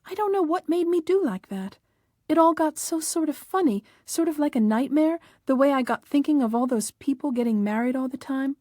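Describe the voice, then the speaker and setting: A woman's voice: high-pitched, animated, a little mellow, no echo, clean studio sound. A woman reading a fretful young bride. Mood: anxious. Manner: fretful, hurt, quick to take offense. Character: young newlywed bride, touchy and anxious.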